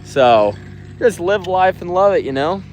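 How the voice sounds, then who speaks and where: A young man casually chatting on a livestream at night outdoors, reading viewer comments in a relaxed, slangy way. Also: high-pitched, a little slow, slight background noise. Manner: laid-back, slangy, reads comments aloud. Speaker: livestream host reading chat. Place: outdoors at night on a work site.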